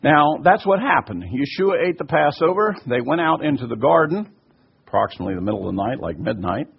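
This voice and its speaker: Gravelly, husky man teaching scripture. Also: on the high side, sing-song, a little fast. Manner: emphatic, repeats "by the way". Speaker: Bible teacher answering listener questions. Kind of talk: teaching talk. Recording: muffled lo-fi recording.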